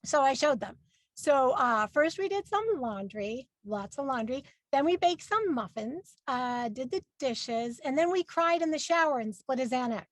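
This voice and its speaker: A woman in her forties doing a stand-up comedy set, with a brash, punchy delivery and loud put-on voices for her parents. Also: sits high, expressive, normal speed, no echo, clean studio sound. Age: 40s.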